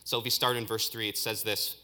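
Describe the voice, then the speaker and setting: Animated, bright-voiced male preacher. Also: on the low side, brisk. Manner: animated, acts out crowd shouts and builds to loud peaks; speaks with frequent restarts and filler words. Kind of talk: sermon.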